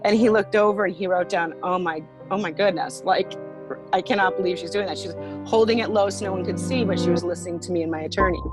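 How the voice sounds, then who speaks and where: A woman's voice: on the low side, quick pace, rough recording. Earnest woman telling her story over music. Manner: earnest, with frequent "like" and "um" fillers. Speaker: interviewee. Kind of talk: recounting a personal ordeal.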